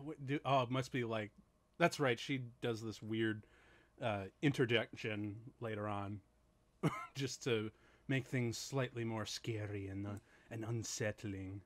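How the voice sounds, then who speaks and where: A man co-hosting a casual movie commentary podcast, excitable and laughing often. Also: mid-range voice. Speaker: podcast co-host.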